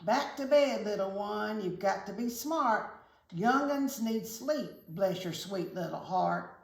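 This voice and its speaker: A woman voicing a jolly old Santa Claus, speaking in a slow drawl. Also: fairly high pitch, animated, gravelly, pitched above the performer's own voice, heavily acted. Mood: cheery. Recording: echoey room, faint hiss.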